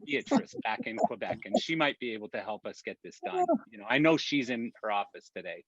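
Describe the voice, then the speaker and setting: A man's voice: fairly low pitch, huge pitch swings, fairly quick, a bit bright, breathy edge, no echo, highs cut off, heavily acted. A man doing an obliging embassy clerk lady. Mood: helpful. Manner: friendly, obliging. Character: helpful female embassy clerk.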